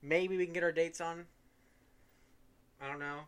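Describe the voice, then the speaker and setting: A man's voice: a little high, fairly even intonation, normal speed, a bit bright, smooth. A teenage boy talks casually as a podcast co-host. He tells stories in a loose, chatty way and breaks into laughter often. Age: teens. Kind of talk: casual chat.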